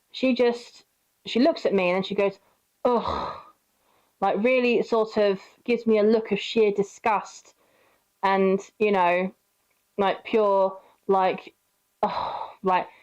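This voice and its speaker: A young woman rambles through a personal story at an ordinary pitch, full of fillers and little acted quotes. The recording is dull and lo-fi. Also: steady tone, unhurried, darkish tone. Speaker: vlogger. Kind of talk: casual storytime monologue.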